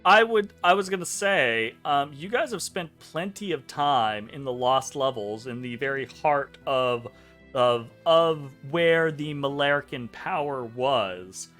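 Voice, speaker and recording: A man narrating as game master of a tabletop game, rambling and correcting himself with quick laughs. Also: medium pitch, fairly bright tone, soft background music. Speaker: dungeon master.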